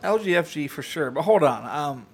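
A man co-hosting a podcast, talking in crude, low-key banter. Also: expressive, moderate pace, husky. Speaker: podcast co-host. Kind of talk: casual chat.

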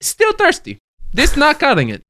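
A man's voice: very high-pitched, wildly swooping pitch, moderate pace, bright, forceful tone, no echo, exaggerated voice. A man playing a brash foreign guest who talks in crude, broken English with many fillers. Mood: blustering. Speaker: podcast guest. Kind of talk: improvised comedy bit.

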